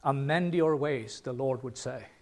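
A man preaching a sermon, earnest, with sudden loud emphatic calls. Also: medium pitch, unhurried.

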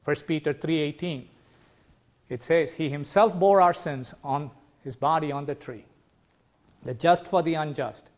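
This is a preacher, a man with a fairly high voice, giving an earnest, emphatic sermon in which he draws out key words to stress them.

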